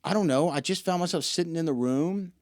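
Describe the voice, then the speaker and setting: This young podcast guest, a wrestling ring announcer, has a voice on the high side and speaks fairly quickly. The studio-quality audio has no echo. In a casual interview, he tells animated stories and acts out the dialogue he quotes.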